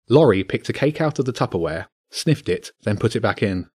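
A man narrating a children's adventure story aloud in a steady, measured way. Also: fairly low pitch, breathy edge, dry recording, studio quality.

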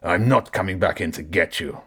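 A man's voice: sits low, normal speed, fairly bright tone, husky, full character voice. A man voicing a smug adult bully who talks down dismissively. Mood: mocking. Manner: mocking, dismissive.

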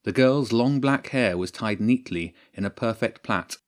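A man reading a story aloud as narrator, at a measured, steady pace. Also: medium pitch. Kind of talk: audiobook narration.

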